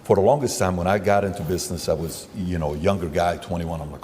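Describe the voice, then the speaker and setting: A man's voice: deep voice, fast, big-room sound, noisy background. A man hosting an interview, rambling through long setups and acting out dialogue between questions. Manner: rambling, acts out dialogue, many fillers. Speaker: interview host.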